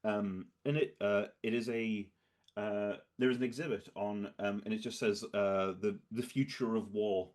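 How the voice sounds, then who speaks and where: A slightly low-voiced man narrates a tabletop game as its game master. He feels his way through each description, stopping and restarting often and leaning on filler words as he builds the scene for his players. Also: steady tone, moderate pace, darkish tone. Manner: hesitant, rambling with many fillers.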